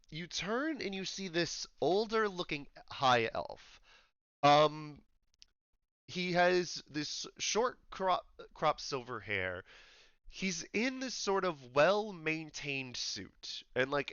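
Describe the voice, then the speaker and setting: Game master narrating a tabletop game, a man with a sharp, lively voice. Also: fairly high pitch, slow, clear, resonant tone, no echo, highs cut off. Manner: loose and rambling, with many fillers.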